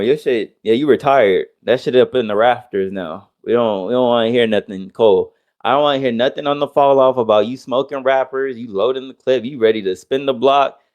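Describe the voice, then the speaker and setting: A man co-hosting a casual podcast, ranting heatedly with lots of profanity and mocking quotes. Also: medium pitch. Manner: heated, profane, swings between loud outbursts and mock quotes. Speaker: podcast co-host.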